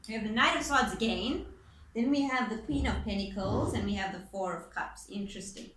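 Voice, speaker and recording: A woman's voice: mid-range voice, lively intonation, brisk, noisy background. A woman giving a casual spoken tarot reading as its reader, chatty and informal, with the odd swear word. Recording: echoey room with faint ambience.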